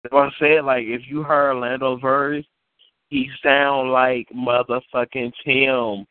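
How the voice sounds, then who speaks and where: A man's voice: mid-range voice, little pitch movement, unhurried, clean tone, no echo. A man on a community call telling a long rambling story in casual, profane slang, repeating himself as he goes. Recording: tinny phone-like line, dry.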